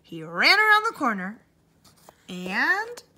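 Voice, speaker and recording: A woman's voice: sits high, huge pitch swings, takes it slowly, pushed and bright, full character voice. A woman voicing a flustered, out-of-breath female piano teacher who talks urgently.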